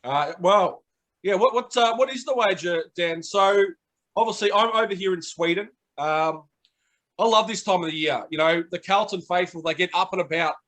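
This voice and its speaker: A man's voice: high-pitched, normal speed, fairly bright tone. A man hosting casual banter, teasing and chatty, with many fillers. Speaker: host. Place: abroad, remote.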